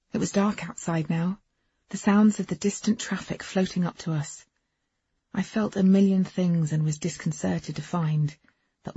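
A woman's voice: fairly low pitch, creaky, warm tone, breathy edge. A woman narrating a first-person novel in an intimate, wry storytelling manner. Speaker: audiobook narrator. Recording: dull, dry lo-fi recording.

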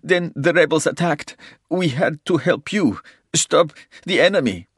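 A man's voice: fairly high pitch, animated, normal speed, a bit bright, husky, no echo, studio quality, voice pushed up. A man voicing a wounded Russian agent who pleads and sobs under interrogation. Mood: terrified pleading. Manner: sobbing, pleading, gasping in pain. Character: wounded, terrified male Russian agent captive.

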